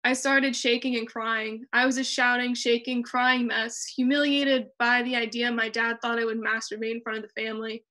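A young woman reads her personal essay aloud over a video call, her tone bright and a touch high. She moves through the text in a measured and expressive way. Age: young adult. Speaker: student reader.

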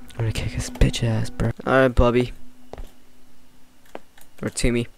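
A man giving casual, excitable let's-play commentary on a horror game, swearing, jumpy and talking back to the characters. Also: fairly high pitch, normal speed, pauses often, over music. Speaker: gamer playing a horror game.

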